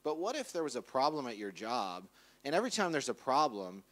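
A man delivers a relaxed, chatty sermon at a middle pitch, slipping into quick acted-out voices for the people in his stories. His delivery is informal and lively rather than formal. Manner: casual, animated, acts out quoted voices. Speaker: pastor. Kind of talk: conversational sermon. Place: church.

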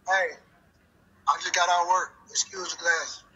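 A man's voice: high-pitched, flat delivery, normal speed, bright, forceful tone, husky. A man from South Carolina chatting casually with a stranger on a video call, laid-back and slangy. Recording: tinny video call with faint noise.

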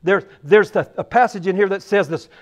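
A man's voice: sits high, brisk, muffled recording. A male pastor giving a conversational sermon, telling stories and often repeating words.

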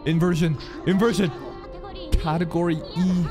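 A man hosting an anime reaction channel, talking casually and excitably, with loud outbursts, laughter and casual swearing. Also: a little high, moderate pace. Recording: music playing in the background. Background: music under the voice.

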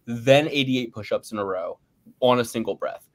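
A man co-hosting a podcast, ranting loudly and boastfully with big swings in pace and pitch and frequent laughter. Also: normal speed. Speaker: podcast co-host. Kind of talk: profane ranting fight predictions.

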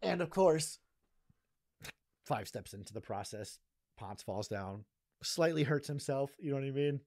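A man's voice: medium pitch, expressive, a little slow, darkish tone, no echo. A young adult male comedian from Massachusetts who tells a podcast story casually and rambles, laughing often and asking "you know what I mean". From Massachusetts, USA. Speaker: comedian guest.

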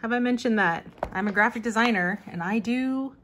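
A woman's voice: a little high, moderate pace, fairly bright tone, a little hiss or hum. A young woman chatting casually as she flips through an old catalog, reading bits aloud and laughing often. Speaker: vlogger flipping through a vintage catalog.

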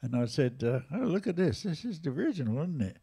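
A man's voice: a little high, fast talker, creaky, slightly rough. Older English man telling stories. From England. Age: 80s. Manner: lively, animated retelling with raised voices for quotes. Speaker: jazz drummer and storyteller guest. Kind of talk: casual anecdotal storytelling. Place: live museum listening room event.

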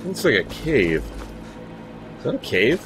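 Animated man chatting over gameplay. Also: medium pitch, measured pace. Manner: chatty, swears freely, talks to in-game companions. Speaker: let's play host. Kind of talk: casual gameplay commentary. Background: video game music.

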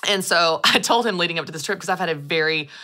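A woman's voice: on the low side, quick pace, sharp tone. A woman host in casual interview chat, upbeat and laughing often. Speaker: podcast host.

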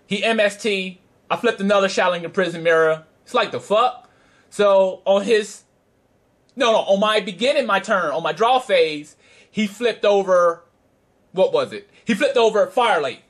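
A man casually telling a story in a vlog, brash and profane, with frequent laughter and trash-talk. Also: sits high. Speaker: card game player recounting a tournament.

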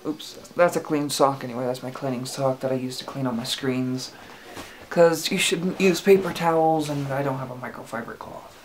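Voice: medium pitch, normal speed. A casual product reviewer at home, talking in a hesitant, rambling way with lots of fillers and restarts. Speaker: e-liquid reviewer.

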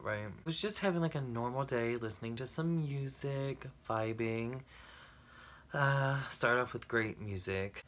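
A man's voice: fairly low pitch, gravelly, a bit bright, a little hiss or hum. A man talking candidly to camera in a personal vlog, blunt and emotional, swearing freely as he rambles. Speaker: vlogger.

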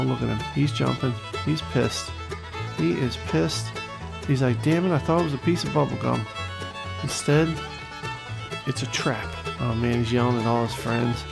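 A man hosting a fishing game let's-play, joking and talking the viewer through each cast with sudden bursts of excitement. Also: mid-range voice, creaky. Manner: jokey, excitable, talks to the viewer. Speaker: gaming channel host.

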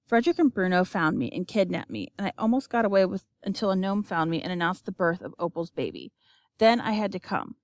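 A woman's voice: fairly low pitch, sing-song, a little fast, dry recording. A woman reading an audiobook, voicing an anxious, trapped young man who talks in a pleading way.

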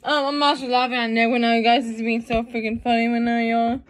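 A woman vlogging to her phone in a giggly, excitable way, calling out to her viewers over and over. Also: on the high side, quick pace, recorded from a distance. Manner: giggly, excitable, keeps saying "you guys". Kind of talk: casual phone vlog. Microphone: phone set down nearby.

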